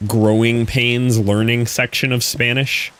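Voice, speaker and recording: A man's voice: mid-range voice, little pitch movement, a little slow, a bit bright, smooth. A man streaming a game, chatting casually with viewers and answering their messages as he plays. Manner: chatty, answers chat, thinks aloud. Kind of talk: casual live-stream chat while gaming.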